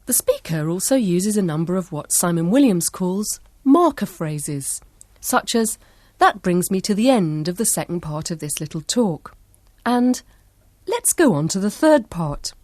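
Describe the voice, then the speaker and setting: A woman narrating an educational lesson in a clear, measured voice. She sits low in her range but moves her pitch around a lot. The sound is close and dry. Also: big pitch swings, mellow, dry recording. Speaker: course narrator.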